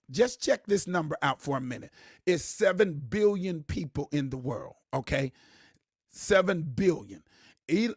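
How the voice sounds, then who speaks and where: Husky, high-voiced man preaching. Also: no room sound, studio quality. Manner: animated, preachy, repeats words, laughs, shouts for emphasis. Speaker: host. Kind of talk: casual live-stream talk to viewers.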